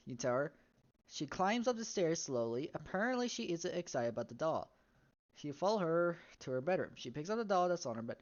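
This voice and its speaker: A low-pitched woman reads a story game aloud, now and then stopping to add wry remarks. Her voice comes through a dull, muffled home mic. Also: big pitch swings, a little fast, a little mellow. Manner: reads text aloud, breaks off into wry comments and laughs. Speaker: game streamer.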